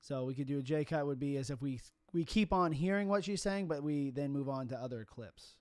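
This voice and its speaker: A man's voice: on the high side, a little fast, no echo. A man who films weddings, talking casually as he explains his editing step by step. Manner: chatty, explains as he works. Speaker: wedding videographer. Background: music.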